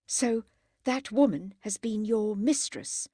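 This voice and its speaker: A woman's voice: on the high side, slow, mellow, slightly rough, no room sound, clean studio sound, heavily acted. A woman voicing an earnest and flustered young Edwardian lady who speaks in a pleading way.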